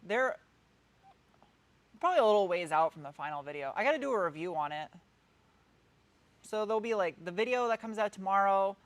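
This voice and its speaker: Responding to live-stream comments, this car channel host chats in a mid-range, lively voice, fairly quick but with frequent pauses. She's in her thirties, has a New England accent, and rambles casually, often restarting her thoughts.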